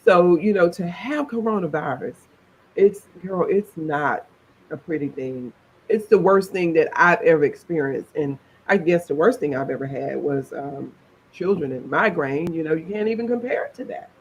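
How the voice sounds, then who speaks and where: A woman's voice: sits low, normal speed, a little hiss or hum, poor audio. Chatty middle-aged woman. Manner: animated, chatty, laughs while telling her story. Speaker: interview guest. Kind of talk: personal storytelling interview.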